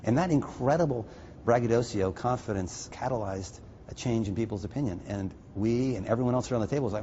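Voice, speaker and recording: A man's voice: medium pitch, quick pace. A man, an investor, speaking with enthusiastic admiration in an interview. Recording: dull audio over music.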